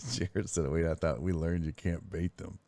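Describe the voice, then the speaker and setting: A man's voice: sits low, warm tone, no echo. A man hosting a sports live stream, chatting casually, telling stories, reading chat messages aloud and swearing freely. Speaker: sports streaming show host.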